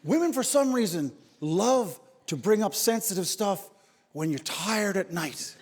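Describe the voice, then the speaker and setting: A man from Newfoundland, Canada, doing animated stand-up comedy on a theater stage and talking straight to the crowd through a handheld mic. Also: sits high, measured pace. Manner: animated storytelling, addressing the crowd. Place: theater stage before a live audience. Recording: theater reverb, audience noise.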